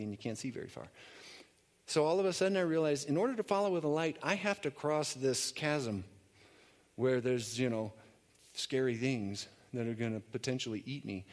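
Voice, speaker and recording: Pastor, male, relaxed storytelling sermon delivery, casual with fillers and restarts. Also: medium pitch. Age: adult. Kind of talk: conversational sermon.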